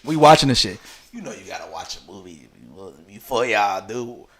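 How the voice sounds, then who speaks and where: A man's voice: fairly low pitch, animated, normal speed, creaky, fairly bright tone. A young man casually telling a crude, laughing storytime anecdote at home late at night. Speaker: vlogger.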